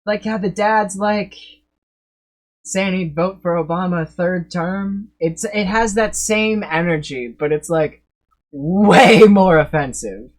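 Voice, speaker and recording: A man's voice: high voice, unhurried. A man streaming live, rambling through reaction commentary, swearing freely and laughing often as he talks.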